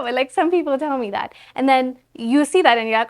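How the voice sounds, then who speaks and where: A woman's voice: high voice, quick pace, few pauses. A woman from Ethiopia with an Ethiopian accent, whose first language is Amharic, speaking earnestly and outspokenly as a guest in a conversational interview. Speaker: guest, Pan-African content creator.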